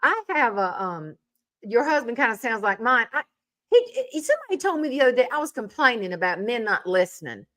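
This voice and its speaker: A woman's voice: on the high side, sing-song, a little fast, sharp tone. A woman hosting a casual chat show and trading stories with her guest in a chatty way. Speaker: talk show host.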